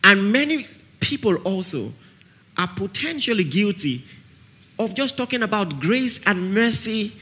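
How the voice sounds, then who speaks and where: Husky Nigerian preacher with lively pitch. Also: male voice, unhurried. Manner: emphatic, repeats key phrases, often checks the audience is following. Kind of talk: sermon at a camp meeting.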